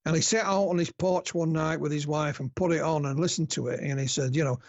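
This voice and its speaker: A man's voice: fairly high pitch, fairly even intonation, brisk, few pauses, a little mellow, no room sound, dull audio. A man from the north of England with a northern English accent, a guest researcher telling anecdotes in a chatty way on a casual podcast interview. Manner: chatty storyteller, laughs at own anecdotes.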